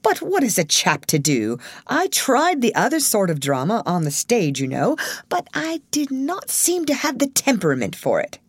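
A man's voice: high-pitched, wildly swooping pitch, normal speed, breathy edge, no echo, pitched above the performer's own voice, full character voice. A woman voicing a vain indignant actor. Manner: indignant, haughty. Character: fussy vain male actor.

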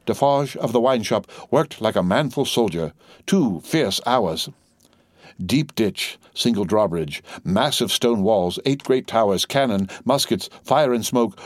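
A man reads a classic novel aloud in a low voice, letting the rhythm build with steady intensity. The recording is dry, with no room sound. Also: dry recording. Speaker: audiobook narrator. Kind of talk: dramatic literary reading.

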